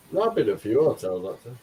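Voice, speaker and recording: A man's voice: mid-range voice, noisy background. A man who teases the others and laughs a lot in casual chat.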